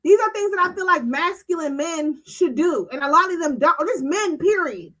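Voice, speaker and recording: High, bright-voiced woman ranting bluntly. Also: moderate pace, a little hiss or hum, poor audio. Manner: animated, emphatic delivery. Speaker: host of a streaming talk show. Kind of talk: casual livestream commentary.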